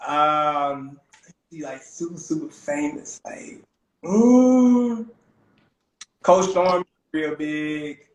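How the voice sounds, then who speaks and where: Young male chef guest, lively slangy storyteller, higher-pitched voice, roomy echo on the mic. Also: drawn-out words, pauses often. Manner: animated, peppers talk with "man" and "bro". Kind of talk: casual storytelling.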